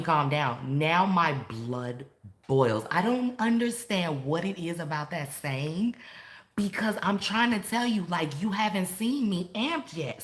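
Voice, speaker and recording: A woman in her thirties talking casually to camera, animated, laughing and swinging between loud and soft. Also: deep voice. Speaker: vlogger.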